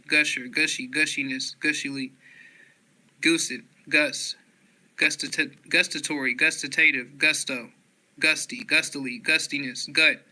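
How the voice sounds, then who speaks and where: A man reading dictionary entries aloud, slowly and flatly, one word after another. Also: fairly high pitch, rough recording. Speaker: dictionary reader.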